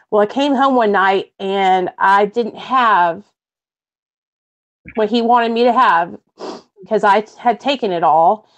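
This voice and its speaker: Woman telling her story, emotional and halting. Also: mid-range voice. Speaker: guest sharing her story. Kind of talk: personal testimony on a stream.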